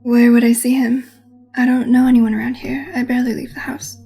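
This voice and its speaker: A woman's voice: fairly high pitch, level tone, fairly quick, creaky, dark tone, breathy edge, soft background music. A woman voicing a nervous schoolboy who gives hesitant, defensive answers. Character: nervous young schoolboy trying to sound polite.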